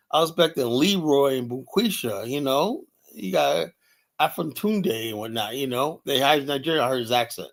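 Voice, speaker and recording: A grumpy man rants on a livestream with a gravelly voice. His speech is profane and rambling, and his pitch sits in a plain middle range. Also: a bit bright. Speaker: livestream host. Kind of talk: casual ranting livestream talk.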